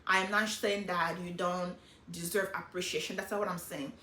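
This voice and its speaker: Middle-aged woman, hyper and emotional, bright voice, roomy echo. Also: fairly low pitch, flat delivery, normal speed. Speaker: vlogger sharing life lessons. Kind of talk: casual personal talk.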